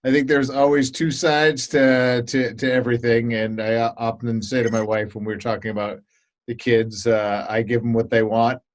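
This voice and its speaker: A man hosting a storytelling stream, thanking his guest in an encouraging, slightly halting way. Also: mid-range voice, level tone. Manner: warm, encouraging, a bit halting with repeats. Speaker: host. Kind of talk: casual chat.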